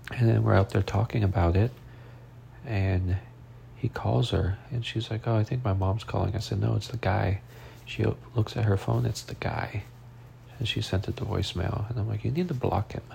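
A young man talks through a painful personal story in a vlog, rambling and swearing as he goes. His low voice is heavily gravelly and dark, and he sounds tearful and upset. A faint hiss sits under the recording. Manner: rambling, swearing, voice rising and cracking with emotion.

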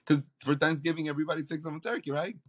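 A man's voice: on the high side, rapid-fire, slightly rough. A man, a campus pastor, sharing a personal testimony in conversation and acting out the people in his story. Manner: animated storyteller, acts out quoted voices.

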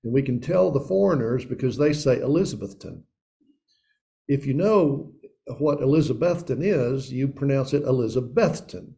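Folksy man, gravelly voice. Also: mid-range voice, moderate pace, dark tone. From Upper East Tennessee. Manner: folksy and conversational, addresses listeners as guys and dude. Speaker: pastor. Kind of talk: casual sermon opening.

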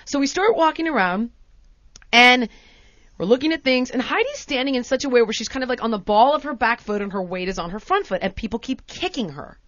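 An American woman hosting a podcast, telling a story in a casual, animated way and acting out the exchanges in different voices. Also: on the high side, a little fast, no echo. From United States. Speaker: podcast host. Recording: dry, dull lo-fi sound.

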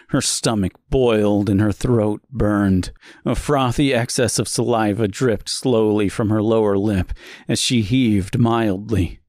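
A man reading a dark story aloud as narrator, speaking deliberately with dramatic pauses. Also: fairly low pitch, no room sound, clean studio sound. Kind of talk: scripted horror story narration.

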